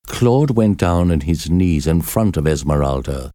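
A man narrating a storybook in a measured, expressive reading. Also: sits low, no room sound, clean studio sound.

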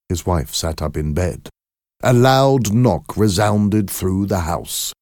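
A man narrating a scripted story in a measured, expressive way. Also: low voice, dry recording, clean studio sound.

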